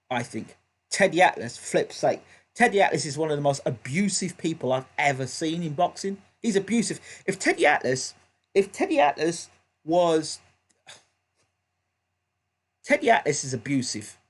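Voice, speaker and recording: A man hosting a live boxing reaction stream, talking in an emphatic way and hammering points home through repetition. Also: on the high side. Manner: emphatic, repeats points heatedly. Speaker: boxing show host.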